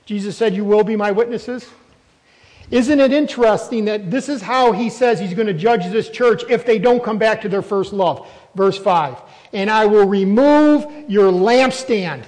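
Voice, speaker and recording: High-voiced preacher in a reverberant hall. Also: male voice, a little slow, a little mellow. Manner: emphatic, asks the congregation questions. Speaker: pastor. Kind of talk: sermon.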